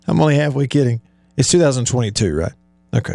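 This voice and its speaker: A man's voice: medium pitch, expressive, fairly quick, creaky, long pauses, warm tone, dry recording. A middle-aged man hosting a sports talk show, ranting with heated sarcasm and building emphasis. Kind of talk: live-streamed sports talk monologue.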